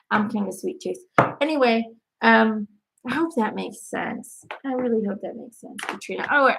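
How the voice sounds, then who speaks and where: A woman's voice: on the high side, vocal fry, a bit bright. Woman doing live angel card readings, casual and blunt, swears a lot, laughs often.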